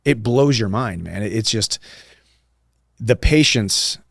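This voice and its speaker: A man's voice: fairly low pitch, animated, takes it slowly, vocal fry, fairly bright tone, dry recording, studio quality. Earnest, emphatic man on a podcast. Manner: earnest, emphatic, repeats phrases for rhythm. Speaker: guest, professional fighter. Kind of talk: casual podcast conversation.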